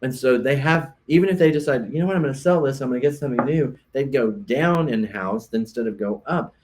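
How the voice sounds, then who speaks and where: A man's voice: mid-range voice, a little fast, a little mellow, a little hiss or hum. A man, a realtor, co-hosting a casual podcast chat, explaining earnestly and often restarting his sentences.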